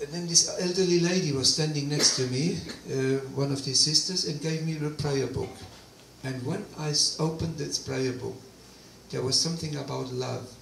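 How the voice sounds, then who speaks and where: A man giving a personal testimony talk, animated storytelling with quoted dialogue, in a hall. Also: medium pitch, vocal fry, a little hiss or hum. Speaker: guest speaker. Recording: roomy distant hall recording, faint ambience.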